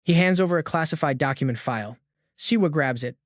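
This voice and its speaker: A man's voice: on the high side, a little fast, no room sound, clean studio sound. A man narrating a story recap in a hyped, slangy storytelling manner.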